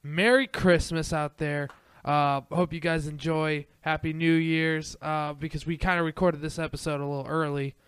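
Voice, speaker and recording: A man co-hosting a podcast with an easygoing, friendly delivery. His voice is smooth and resonant, a touch high, and recorded dry and close. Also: little pitch movement, normal speed, fairly bright tone, dry recording. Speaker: podcast co-host. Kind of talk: casual podcast outro.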